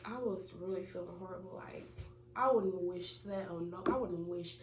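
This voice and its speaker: An eighteen-year-old woman tells a casual storytime, chatting freely with lots of fillers and talking right at her viewers. Her voice sits some way from the mic and bounces around a bare, echoey room. A steady hiss of noise runs under everything. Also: on the low side, recorded from a distance. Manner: chatty, filler-heavy, addresses viewers as y'all. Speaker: vlogger.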